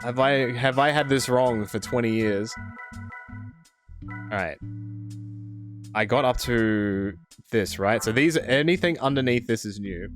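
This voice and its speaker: A man's voice: medium pitch, measured pace, pauses often, faint music behind. A man with an Australian accent chatting casually on a live game stream, rambling and answering chat as he plays.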